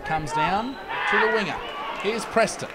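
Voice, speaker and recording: A man with a slightly raised voice calls a rugby league game in fast, jokey play-by-play. He works from a commentary box at an outdoor ground. Loud crowd noise and heavy ambient din sit under every word. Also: high voice. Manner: rapid, excitable, jokey play-by-play.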